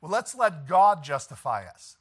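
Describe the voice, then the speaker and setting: A preacher with a bright, slightly high voice delivers his sermon with passion. He swings from hushed, pleading lines to shouted declarations, laughing between points. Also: very animated, measured pace, slightly rough. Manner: impassioned preaching, rising to shouts, with chuckles. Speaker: pastor.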